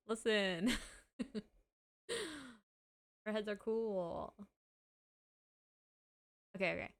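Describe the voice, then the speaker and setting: A young woman streams live in easy, casual chat, with a Californian accent from her home state. She giggles often and leans on "like" as she talks. She speaks at an unhurried pace. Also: medium pitch, sing-song. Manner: giggly, says "like" a lot.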